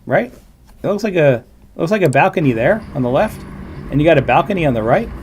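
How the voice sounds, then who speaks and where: A man's voice: a little high, big pitch swings, brisk, a little mellow, a little hiss or hum. Chatty man rambling on a livestream. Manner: rambling, chatty, with fillers and asides. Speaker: livestream host reacting to a video. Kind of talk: casual livestream commentary.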